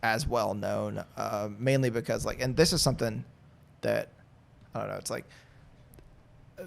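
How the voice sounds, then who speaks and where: Podcast guest, man in his 30s, low gravelly voice, candid and rambling. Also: fairly even intonation, normal speed. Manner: rambling, candid, filler-heavy. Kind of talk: casual chat.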